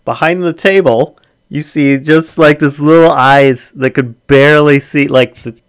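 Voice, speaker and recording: A man's voice: a little high, fairly even intonation, unhurried, smooth. A man narrating as game master of a tabletop game, hesitant and full of fillers.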